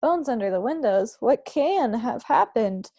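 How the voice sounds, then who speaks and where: A woman's voice: on the high side, animated, unhurried, dark tone, husky, no echo, exaggerated voice. A woman playing a dignified, shaken queen. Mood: alarmed. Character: distressed queen, dignified and commanding.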